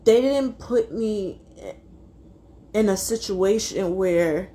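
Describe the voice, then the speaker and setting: A young adult woman telling a personal story to her viewers, fighting back tears and speaking haltingly. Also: mid-range voice, dark tone. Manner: tearful, halting, addresses viewers as y'all. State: close to tears. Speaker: vlogger.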